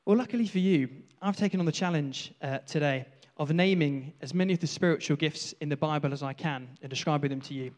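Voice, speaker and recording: A man's voice: a little high, fast talker, few pauses, a little mellow. A man preaching a sermon in a church, jokey and self-deprecating. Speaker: pastor. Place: church hall. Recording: echoey hall from far off.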